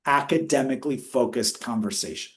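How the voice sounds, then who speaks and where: Man, researcher, webinar talk, lively, explanatory, speeds up on quotes. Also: mid-range voice, brisk. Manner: energetic, speeds up when quoting questions; teaching, explanatory. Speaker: researcher presenting study findings. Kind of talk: webinar discussion.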